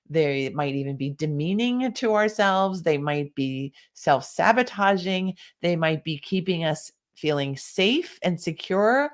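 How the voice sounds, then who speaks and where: Low-pitched woman, workshop coach on a live stream, encouraging, occasional cough. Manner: encouraging, reads chat comments aloud. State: coughing now and then, sipping tea. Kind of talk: live online workshop talk.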